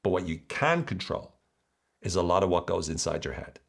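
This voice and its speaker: A man, hosting a solo podcast in a lively, jokey way with mocking asides. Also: low voice, normal speed, creaky. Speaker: podcast host.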